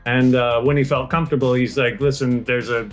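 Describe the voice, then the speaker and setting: A man's voice: mid-range voice, steady tone, a little fast, faint music behind. A middle-aged man from Alberta, Canada, a guest comedian telling a story in casual chat, hesitant with many fillers.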